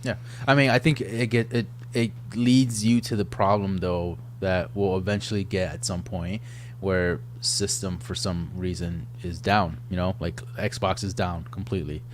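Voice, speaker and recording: Deep-voiced man in casual chat. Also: moderate pace, a little hiss or hum. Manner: relaxed, rambling with fillers. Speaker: podcast co-host.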